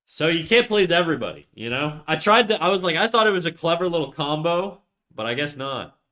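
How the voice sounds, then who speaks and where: A man's voice: fairly high pitch, very animated, fairly quick, sharp tone. A man in his twenties with a French-Canadian accent, chatting casually and rambling while he draws on a livestream, swearing freely. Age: 20s. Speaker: livestreaming artist.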